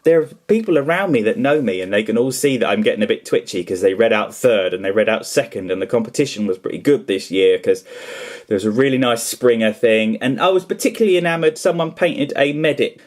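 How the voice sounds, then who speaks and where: A man's voice: medium pitch, expressive, brisk. Rambling, self-deprecating man vlogging. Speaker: toy customiser and vlogger. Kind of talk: casual chatty vlog.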